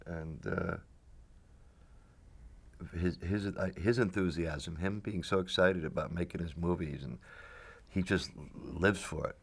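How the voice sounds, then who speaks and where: A man's voice: sits low, measured pace, long pauses, husky. A middle-aged man telling rambling stories in a casual interview. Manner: rambling storyteller with restarts and laughs. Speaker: actor, interviewee.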